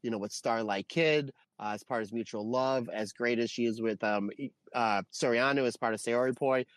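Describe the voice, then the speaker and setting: Man, podcast co-host, dry close sound, rambling animated review. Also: mid-range voice, normal speed, dry recording. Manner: rambling, animated, lists names. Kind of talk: casual wrestling review chat.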